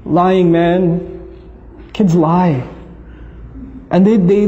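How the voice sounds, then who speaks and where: Animated male lecturer in a reverberant hall. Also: sits high, takes it slowly, long pauses, a little hiss or hum. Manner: animated, acts out voices, laughs often. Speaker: Islamic speaker. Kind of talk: lecture on parenting. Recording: long reverb, dull lo-fi sound.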